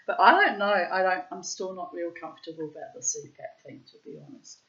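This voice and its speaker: A woman in her late fifties telling a story in a rambling casual monologue, cheeky and self-mocking, laughing often and breaking into squealing high exclamations. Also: a little fast, few pauses, fairly bright tone, highs cut off. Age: 50s. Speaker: vlogger.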